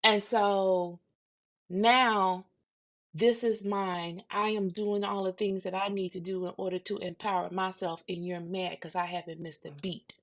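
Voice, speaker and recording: A woman in her fifties hosting a podcast, talking bluntly and swinging from low murmurs to loud outbursts. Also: fairly even intonation, unhurried. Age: 50s. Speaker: podcast host. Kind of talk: casual monologue.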